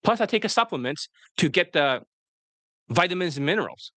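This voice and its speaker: Dating coach guy rambling bluntly, swears a lot, kinda high voice, dry close sound. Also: animated, a little fast, sharp tone, dry recording. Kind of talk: casual livestream coaching talk.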